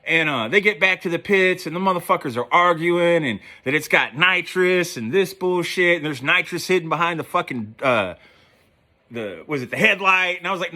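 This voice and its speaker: A man's voice: on the high side, expressive, normal speed, sharp tone. A man telling a rambling, profane story in a casual storytelling style, with lots of fillers. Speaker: podcast host.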